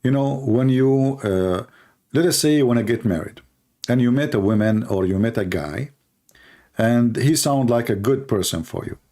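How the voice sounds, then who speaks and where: Animated man acting out little dialogues. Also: moderate pace. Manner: animated, acts out dialogues in higher voices. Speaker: commentator. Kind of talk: casual talk to camera.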